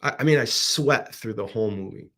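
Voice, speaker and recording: A man's voice: medium pitch, fairly quick, fairly bright tone. A middle-aged man hosting a show, animatedly retelling a film plot in a casual monologue with frequent restarts. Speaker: podcast host.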